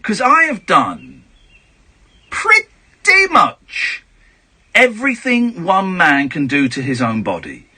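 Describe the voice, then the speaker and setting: A man hosting late-night radio, teasing and mocking callers and now and then breaking into shouts. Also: high-pitched, wildly swooping pitch, takes it slowly, pauses often, breathy edge. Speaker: radio host. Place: radio studio.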